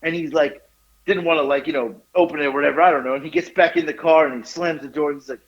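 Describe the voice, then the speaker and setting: His voice a little high and fairly even, this podcast host in his 40s talks quickly through a meandering, profane story, laughing and restarting along the way. It's casual storytelling captured in dull, lo-fi podcast audio.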